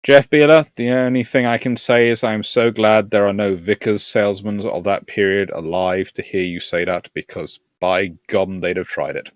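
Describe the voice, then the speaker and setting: A man's voice: on the low side, fairly even intonation, normal speed, hardly any pauses, no echo, clean studio sound. A man from Surrey with a southern English accent, hosting a history live stream and chatting casually through viewer comments. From Surrey, England. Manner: rambling, chatty, chuckling.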